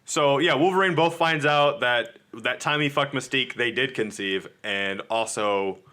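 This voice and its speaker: A man's voice: mid-range voice, normal speed, pushed and bright. A man co-hosting a podcast, casually recapping comic book issues and acting out the characters' lines. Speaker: podcast co-host.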